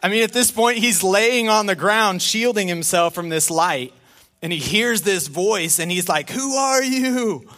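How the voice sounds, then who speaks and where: A middle-aged male pastor preaching a sermon in an animated, conversational way with self-deprecating humor. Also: high-pitched, normal speed.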